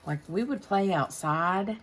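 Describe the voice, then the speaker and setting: A woman's voice: medium pitch, measured pace. A woman, chatting casually on her craft channel while she works, rambling with lots of fillers and restarts. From United States.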